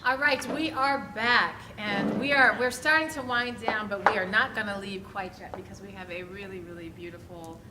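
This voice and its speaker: A woman's voice: medium pitch, a little fast, hardly any pauses. Lady emcee hyping the crowd, echoey room, noisy. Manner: upbeat, hype-building. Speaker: host. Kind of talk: live event hosting. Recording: echoey venue with noise.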